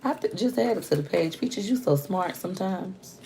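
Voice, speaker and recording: Gravelly, chatty woman vlogger. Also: on the low side, lively intonation, moderate pace, background noise. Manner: chatty, playful, talks to viewers while unboxing. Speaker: vlogger opening fan mail. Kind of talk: casual chat. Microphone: phone propped on a stand.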